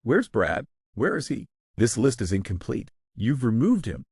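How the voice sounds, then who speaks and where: A shrill entitled woman in her fifties, as a man reads her. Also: big pitch swings, unhurried, darkish tone, breathy edge, no echo, clean studio sound, full character voice. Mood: outraged. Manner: indignant, accusing, paranoid ranting. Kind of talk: scripted story narration.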